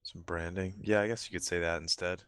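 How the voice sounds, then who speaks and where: A man playing a tabletop game, full of playful jokes. His voice sits very low, with a bright, forceful edge. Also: fairly even intonation, a little fast, smooth, no room sound, clean studio sound. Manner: jokey, playful. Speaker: player.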